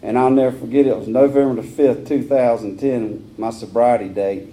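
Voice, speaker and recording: A man's voice: mid-range voice, steady tone, normal speed, warm tone. A man telling his personal recovery story at a meeting, in a candid, earthy way. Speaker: AA speaker. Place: meeting hall.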